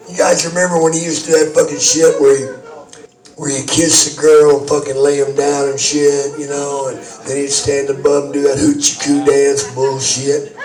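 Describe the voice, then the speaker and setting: A man's voice: on the high side, flat delivery, normal speed, darkish tone, soft background music. A man telling a crude, rambling anecdote to a group, swearing and laughing often. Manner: profane, laughing, rambling storyteller. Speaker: storyteller. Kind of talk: crude anecdote told to an audience. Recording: echoey room from far off, crowd behind.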